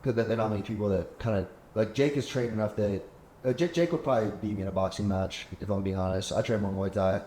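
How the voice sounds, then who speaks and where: Man, low voice, casual host, rambling storyteller, echoey room. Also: quick pace, mellow. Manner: rambling storyteller, acts out quoted talk. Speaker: podcast host. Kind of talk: casual chat. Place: penthouse apartment. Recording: echoey room, faint background hum.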